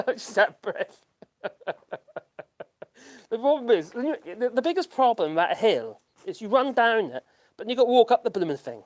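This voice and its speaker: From his home in rural France, a British YouTube channel host chats casually on a live stream and reads viewer comments as they appear. He rambles self-deprecatingly, often laughing at himself and stopping to restart. His voice is extremely high and very animated, at normal speed with frequent pauses.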